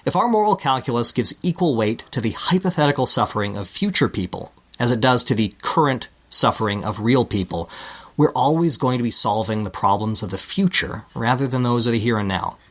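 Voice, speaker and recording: A man's voice: mid-range voice, expressive, brisk, fairly bright tone. A man with a Canadian accent, a podcast co-host reading a scripted segment with dry, self-deprecating asides.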